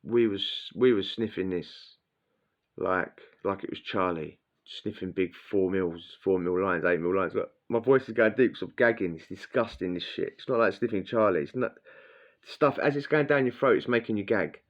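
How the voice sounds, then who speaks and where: Bloke, lowish voice, crude blunt prison story, dull lo-fi sound. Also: male voice, moderate pace. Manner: blunt, crude, slangy, acts out quotes. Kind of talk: casual storytelling.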